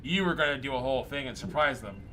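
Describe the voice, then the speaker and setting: A man chatting casually during a game stream, joking and laughing often with quick asides. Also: mid-range voice, pushed and bright, slight background noise. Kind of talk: casual chat while gaming.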